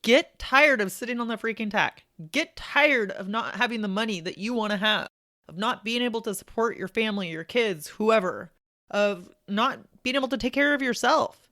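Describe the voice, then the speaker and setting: A woman's voice: fairly high pitch, moderate pace, sharp tone. Emphatic motivational woman podcaster. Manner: encouraging, emphatic, colloquial. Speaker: podcast host.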